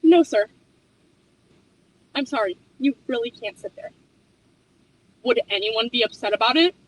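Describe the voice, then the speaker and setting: A young woman working as a restaurant hostess, ranting fast and profanely in an exasperated storytime vlog. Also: a little high, expressive, slight background noise, low-quality recording.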